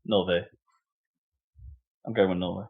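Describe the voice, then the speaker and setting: A man's voice: low-pitched, steady tone, measured pace, vocal fry, narrow, tinny audio. A man co-hosting a podcast in casual chat, playful and musing. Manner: playful, musing, mid-range voice. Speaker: podcast co-host.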